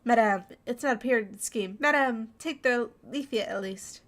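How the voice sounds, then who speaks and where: A woman's voice: a little high, normal speed, a bit bright, close to an everyday voice. A woman voicing a pushy male cult recruiter in a game, eager and pleading.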